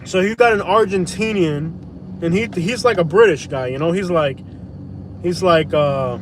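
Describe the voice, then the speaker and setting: Man, high voice, casual rambling talk, joking, in a car, faint traffic noise behind. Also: unhurried. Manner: rambling, many "you know" fillers, joking. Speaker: vlogger on a night drive. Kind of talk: casual chat. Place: inside a car at night.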